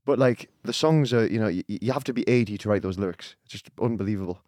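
A man's voice: fairly low pitch, fast talker, darkish tone, no echo, studio quality. A man, a podcast guest chatting casually, rambling with many fillers and restarts. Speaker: podcast guest, singer-songwriter. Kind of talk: casual chat.

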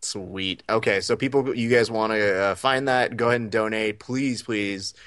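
A man with a fairly low voice jokes around as a podcast co-host and swears freely. The sound is dry and close. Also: moderate pace, fairly bright tone, clear, resonant tone, no room sound. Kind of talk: casual chat.

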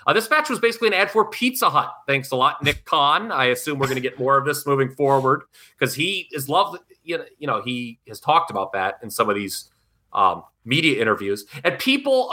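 A man co-hosting a podcast who reviews wrestling in casual chat, blunt and animated, with frequent swearing. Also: medium pitch. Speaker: podcast co-host.

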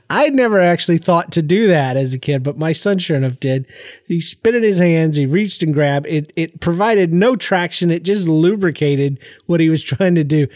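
A congested middle-aged man hosting his podcast, telling family stories in an animated, jokey way, often voicing the people in them. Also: a little high, no room sound, studio quality. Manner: animated, jokey storytelling with laughs and voiced quotes. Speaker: podcast host. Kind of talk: casual solo podcast storytelling. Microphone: close podcast microphone.

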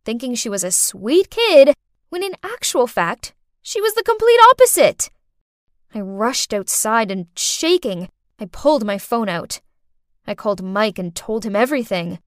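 Lively woman telling a dramatic story. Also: on the high side, no room sound, studio quality. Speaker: narrator. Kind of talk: first-person storytelling podcast.

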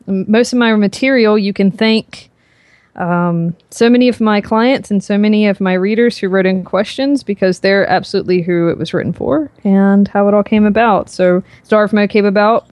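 A woman with a softened Southern US accent, talking as a guest on a podcast, rambling with many fillers and restarts. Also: medium pitch, dry recording. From American South. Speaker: guest, author and fitness coach. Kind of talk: casual podcast interview. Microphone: podcast microphone.

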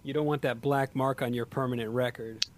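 A man's voice: mid-range voice, steady tone, brisk. A man from Western Massachusetts hosting a casual chat, laid-back and easily amused, asking follow-up questions.

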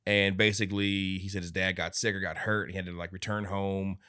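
A man co-hosts a movie review podcast, talking fast in a low register. He retells the story in loose, casual chat, dropping curse words and snapping into short quoted lines. The sound is close and dry. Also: level tone, bright, forceful tone, smooth, no room sound. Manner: retells plot with swearing and quick acted-out quotes. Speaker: podcast co-host.

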